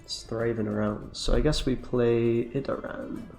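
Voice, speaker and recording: A man's voice: mid-range voice, fairly even intonation, a little slow, a little mellow, faint music behind. A man giving casual, jokey commentary while playing a card game, laid-back and slangy, laughing often.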